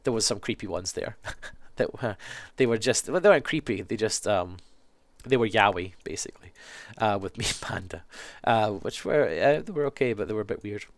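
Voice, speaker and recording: A man's voice: fairly low pitch, animated, moderate pace, vocal fry, dry recording. A young man with a cold, answering fan questions in a rambling, self-correcting chat. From Scotland. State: sick with a cold, sniffly. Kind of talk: casual Q&A monologue.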